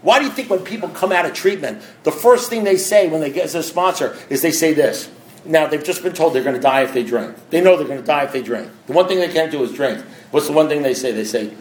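Man, blunt and conversational, fairly high voice, roomy echo. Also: animated, fast talker. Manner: blunt, conversational, acts out voices in his story. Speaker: speaker sharing a recovery story. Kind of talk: candid personal talk to an audience.

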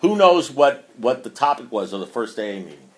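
A man's voice: medium pitch, sing-song, brisk. Emphatic man speaking to a meeting. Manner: emphatic, with rhetorical questions and swings in loudness; chuckling as he talks. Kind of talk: impassioned talk reading from a book.

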